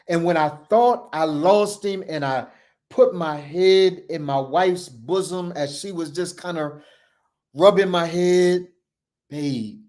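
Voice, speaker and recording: Impassioned man preaching in repetitive cadences. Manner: swings between loud declarations and low hushed passages. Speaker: show host. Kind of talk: impassioned motivational talk.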